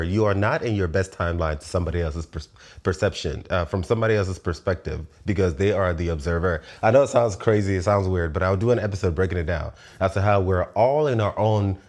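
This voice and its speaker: A man in his thirties hosting his own show, talking through a casual philosophical monologue, animated, laughing often and swearing freely. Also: low voice. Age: 30s. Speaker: show host.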